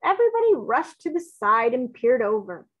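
Lively woman reading a storybook aloud. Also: a little high, normal speed, phone-quality sound. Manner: expressive read-aloud with acted dialogue.

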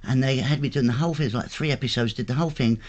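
A man, telling animated stories as a chatty interview guest. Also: medium pitch, rapid-fire. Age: 50s. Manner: animated storyteller who acts out voices. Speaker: comedian and guest. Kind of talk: casual interview chat.

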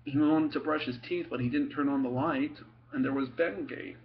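A man's voice: mid-range voice, fairly even intonation, vocal fry, a little hiss or hum. Young man, casual storyteller, giggles and trips over his words, muffled home-video sound. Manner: giggly, laughs through his stories; halting, many ums and restarts. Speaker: son telling family stories.

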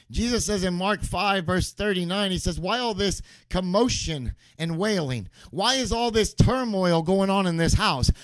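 A man's voice: high-pitched, dry recording. A man preaching a sermon as pastor, emphatic and repeating key phrases for stress.

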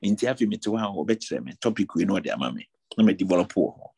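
A man's voice: low-pitched, animated, fast talker, gravelly, a little mellow, husky, no echo, clean studio sound. A man with a Ghanaian accent preaching a sermon in a rising, intense way, with English words mixed in. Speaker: pastor.

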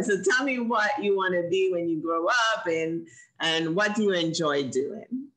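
A woman's voice: lowish voice, normal speed, a bit bright, rough recording. A woman from Jamaica, playfully hosting an online kids' event over a video call, encouraging and often laughing. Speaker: host.

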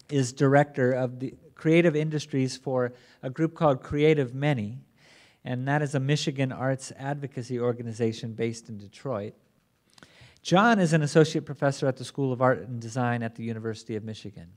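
A man acting as conference moderator, introducing the plenary speakers in a measured way with occasional restarts. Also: mid-range voice. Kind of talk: formal introduction.

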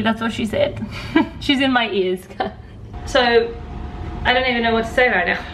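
A woman's voice: fairly high pitch, moderate pace, long pauses, a bit bright, slight background noise. Bubbly Australian woman in her twenties. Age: 20s. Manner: bubbly, chatty, playful. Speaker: vlogger. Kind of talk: casual vlog chat to camera.

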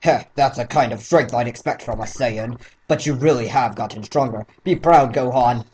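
A man voicing a stern, gruff alien martial arts master as he reads game dialogue aloud. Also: medium pitch, normal speed, darkish tone, voice pushed down, lightly acted.

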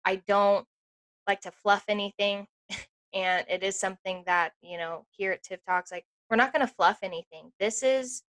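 A woman co-hosting a podcast in casual chat, speaking emphatically and reacting with quick interjections. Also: medium pitch, steady tone, a bit bright. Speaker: podcast co-host.

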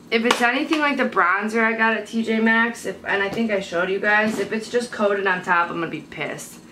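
A young woman talks to her handheld camera at home, rambling from one thing to the next and turning blunt and sweary when something annoys her. Her voice sits at an ordinary middle pitch. A steady hiss runs under the home recording. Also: rough recording. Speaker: beauty vlogger. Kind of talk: casual chat to camera. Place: at home, indoors. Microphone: handheld camera mic.

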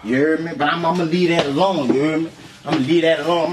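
A man's voice: on the high side, fairly even intonation, fast, background noise. A rapper, boasting in casual studio banter and asking again and again whether he's been heard. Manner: swaggering, keeps asking "you heard me". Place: small recording studio.

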